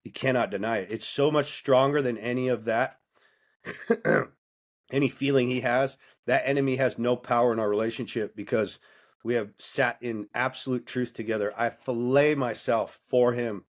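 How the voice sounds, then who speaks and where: This is a man guesting as a coach on a podcast, his mid-range voice steady in tone and moving at normal speed. The conversation is candid, and he delivers it bluntly and intensely, with cursing and a sermonizing quality.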